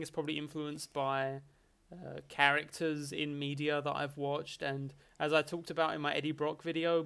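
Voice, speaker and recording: A man's voice: a little high, smooth. A man chatting casually and jokily as host of a live-stream Q&A. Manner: animated, chatty, jokey banter with chat. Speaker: streamer hosting a Q&A.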